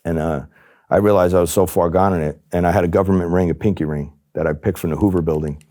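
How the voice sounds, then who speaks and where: A man's voice: deep voice, fast. A middle-aged man from New Jersey, a former undercover agent, telling his story in an interview and acting out the voices of the people he quotes. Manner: animated, acts out quoted voices.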